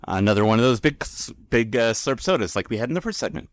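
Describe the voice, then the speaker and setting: A man's voice: medium pitch, expressive, fast, no room sound. A man co-hosting a podcast, casually recapping an episode in a rambling, filler-heavy way. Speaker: podcast co-host.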